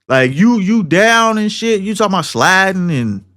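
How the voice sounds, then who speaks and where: A man's voice: high-pitched, big pitch swings, moderate pace, hardly any pauses, a bit bright. A young man co-hosting a podcast, ranting in a heated, profane, slangy and rambling way. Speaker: podcast co-host. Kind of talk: casual podcast rant.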